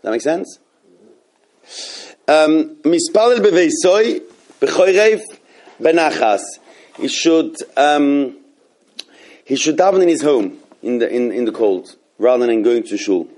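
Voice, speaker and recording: A man's voice: medium pitch, normal speed, a little mellow. A man teaching a halacha class in a rambling way, with many restarts and fillers. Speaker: Torah teacher.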